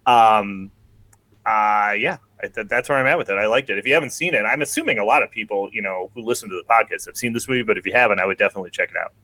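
A man co-hosting a podcast, chatting casually and halting with lots of fillers and restarts. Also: lowish voice, bright, forceful tone, no room sound. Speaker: podcast co-host. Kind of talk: casual chat.

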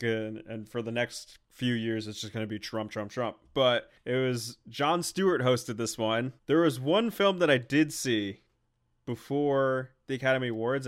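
A man's voice: mid-range voice, normal speed. Sarcastic young man co-hosting a podcast. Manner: joking, teasing, sarcastic. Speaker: podcast co-host. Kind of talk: casual podcast chat.

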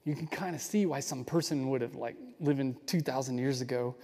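A man's voice: medium pitch, brisk, mellow. A man giving a sermon in an earnest, enthusiastic way, often restarting his phrases. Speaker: pastor. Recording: long hall reverb.

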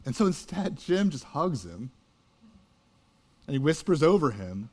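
A man's voice: fairly high pitch, measured pace, long pauses. A man in his thirties, a pastor, telling a story in a sermon in an earnest, conversational way. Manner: earnest, conversational, builds to loud animated peaks.

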